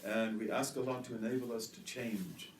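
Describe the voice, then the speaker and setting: A man's voice: lowish voice, normal speed, roomy sound, distant mic, a little hiss or hum. A man giving an earnest religious lecture, telling stories and weaving in Arabic terms. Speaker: Islamic lecturer.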